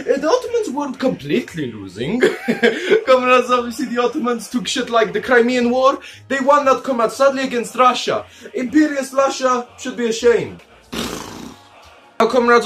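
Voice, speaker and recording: High-voiced man ranting like a comic commander. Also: fairly bright tone. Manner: calls listeners "comrades" in nearly every line, crude and jokey; breaks into laughter and silly asides. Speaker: history video host in a comic commander persona. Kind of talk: comedic history commentary.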